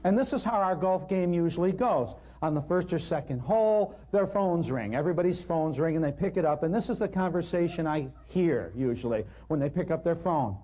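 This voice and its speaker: A man speaking to a live audience in a slightly high but mellow voice. He tells wry, self-deprecating anecdotes in a relaxed storytelling way. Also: brisk, few pauses. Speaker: natural healing lecturer. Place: live talk in front of an audience.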